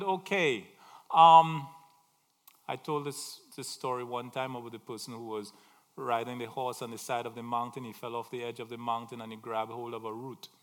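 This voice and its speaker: A man preaching a sermon, telling stories dramatically and swinging between loud calls and soft asides. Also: mid-range voice, long reverb tail.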